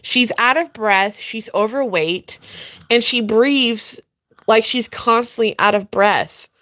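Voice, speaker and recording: Woman, reaction commentary, sarcastic and profane, higher voice, unhurried. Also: pushed and bright. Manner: mocking, blunt, swears often.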